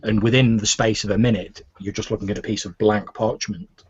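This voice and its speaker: A man's voice: on the low side, fairly even intonation, brisk, slightly rough, highs cut off. A man narrating a tabletop game as game master, describing scenes with frequent restarts.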